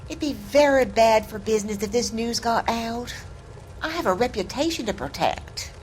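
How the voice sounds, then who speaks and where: A woman's voice: fairly high pitch, animated, moderate pace, a little mellow, slight background noise, close to an everyday voice, rough recording. An actress voicing a defensive, evasive landlady with a Southern US accent in a video game. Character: southern landlady, defensive, guarding her reputation.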